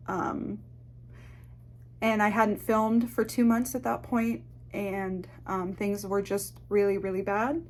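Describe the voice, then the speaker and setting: A young woman telling a personal story to camera, candid and halting, swearing often and holding back tears. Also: medium pitch. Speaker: ASMR channel host. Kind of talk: emotional personal confession to camera.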